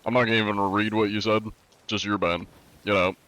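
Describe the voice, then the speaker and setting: A man's voice: little pitch movement, fairly quick, a bit bright, smooth. A man streaming a game live, answering his chat in a wry, joking, rambling way. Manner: says he is often compared to a deep-voiced narrator.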